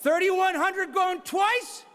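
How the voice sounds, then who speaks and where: Whooping high-voiced man calling an auction. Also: slow pace. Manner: energetic, teasing, shouts bids and whoops. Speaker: charity auctioneer. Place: banquet hall at a charity gala.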